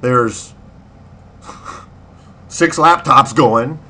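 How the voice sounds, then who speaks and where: A man's voice: medium pitch, extremely slow, sharp tone. A man in his fifties casually telling a rambling story in a spoken diary, acting out quotes and laughing. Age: 50s. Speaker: video blogger.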